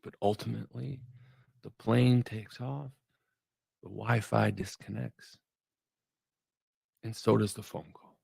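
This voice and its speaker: A man's voice: on the low side, fairly even intonation, slow pace, gravelly, pauses often, darkish tone, husky, no room sound. A man hosting a devotional talk, speaking emphatically and repeating his key phrases. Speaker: devotional podcast host.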